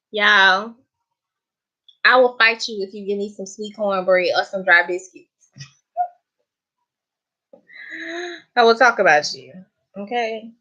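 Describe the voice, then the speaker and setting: A woman's voice: fairly high pitch, sharp tone. A young woman with a Southern US accent hosts a cooking channel, chatting on a live stream in a playful, emphatic way and laughing often. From Southern United States. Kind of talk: casual live-stream chat. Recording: dull lo-fi live-stream audio.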